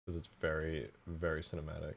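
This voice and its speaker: A man's voice: a bass voice, a little fast, vocal fry, slight background noise. A man giving casual, rambling commentary on his own gameplay, talking to himself as he goes. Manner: rambling, excitable self-talk. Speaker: game modder and streamer.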